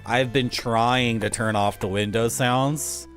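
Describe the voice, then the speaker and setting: A man's voice: medium pitch, fairly even intonation, slow pace, fairly bright tone, soft background music. A man streaming a video game and chatting casually, with wry asides to his viewers. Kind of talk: casual gameplay commentary.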